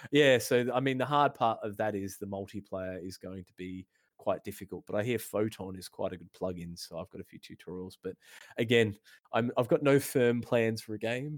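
A man chats about making games in a slightly low voice. He rambles with restarts and self-mocking humour, and the sound is close and dry with no room around it. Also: a little mellow, dry recording. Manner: rambling, self-deprecating, frequent restarts and laughs. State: losing his voice. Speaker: indie game developer guest. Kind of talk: casual podcast interview.

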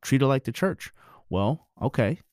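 A man's voice: mid-range voice, lively intonation, moderate pace, darkish tone, no echo, studio quality. A married man giving his views in a blunt, preachy, profane casual monologue.

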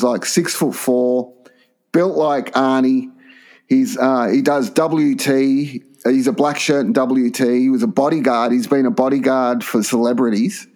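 A man co-hosting a casual podcast, telling crude stories and laughing often. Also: mid-range voice. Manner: animated yarn-spinning, crude, laughs often. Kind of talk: casual chat, storytelling.

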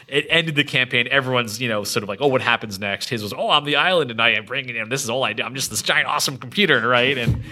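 A man who runs tabletop games, telling lively stories from his sessions in a casual, laughing way. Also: medium pitch, fast, hardly any pauses. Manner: animated, laughs often, many restarts. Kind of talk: casual storytelling chat.

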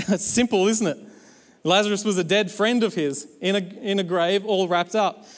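A man with a high voice preaches a sermon, urging his church on with lively exhortation and playful asides. His voice carries a long reverb that hangs in a large hall. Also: normal speed. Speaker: pastor.

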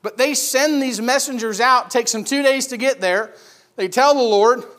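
Guy preaching a sermon, high voice, tells it like a story, asks the crowd questions, goes loud then quiet. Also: moderate pace. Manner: vivid storytelling with rhetorical questions; swings between loud emphasis and hushed lines. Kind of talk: expository sermon.

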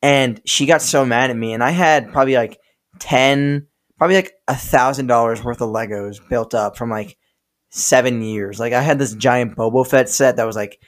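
A young man telling stories on a podcast, rambling and profane, stopping to laugh at himself. His voice sits at an ordinary middle pitch for a man. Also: normal speed. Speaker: podcast co-host. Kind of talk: casual storytelling chat.

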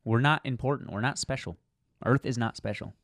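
A man's voice: mid-range voice, fairly quick, a bit bright, no echo, studio quality. A man co-hosting a casual comics podcast, opinionated and joking. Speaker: podcast co-host. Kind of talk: casual chat about comics.

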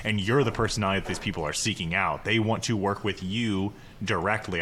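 A man co-hosting a podcast in casual, profane chat, quick, joking and blunt. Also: low-pitched, fairly even intonation, fairly bright tone, slight background noise. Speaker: podcast co-host.

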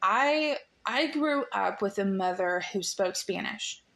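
A bubbly American woman hosts a casual podcast chat. She laughs easily and gushes as she talks, at a middle pitch. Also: lively intonation, slow, gravelly, a bit bright. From United States. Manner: bubbly, laughs often, gushing. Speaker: podcast host.

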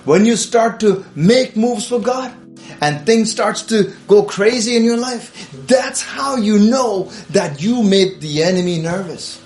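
A man's voice: sits high, measured pace, darkish tone. A male preacher delivering an urgent, exhorting sermon to livestream viewers. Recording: echoey room with faint music.

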